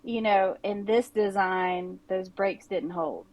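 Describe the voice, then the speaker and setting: A woman's voice: medium pitch, fairly even intonation, takes it slowly, a little mellow, dry recording, highs cut off. A middle-aged woman co-hosting a podcast, chatty and casual, with many "like"s and "you know"s. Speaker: podcast co-host.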